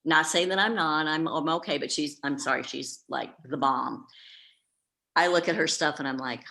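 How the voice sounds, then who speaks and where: A woman's voice: low-pitched, normal speed, creaky, bright, forceful tone. A woman who works as a professional organizer, candidly telling a story in a group meeting with plenty of fillers. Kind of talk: casual group meeting talk.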